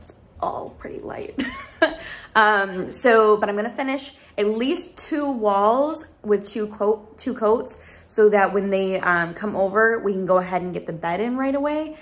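A woman's voice: medium pitch, unhurried. Chatty young woman vlogging at home. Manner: chatty, rambling, with fillers and laughs. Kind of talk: casual home vlog. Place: house being moved into.

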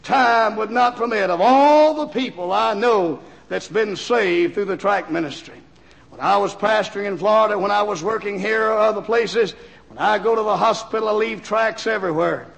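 Gravelly high-voiced preacher in reverberant hall. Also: male voice, moderate pace. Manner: storytelling, rising to shouts at climaxes. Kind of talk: revival sermon. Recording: old vinyl LP, long church reverb.

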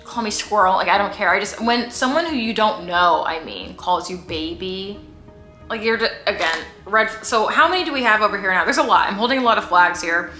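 A woman's voice: mid-range voice, lively intonation, brisk, sharp tone, faint music behind. A woman telling a story in a casual vlog, chatty and sarcastic. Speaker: vlogger. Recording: roomy room echo.

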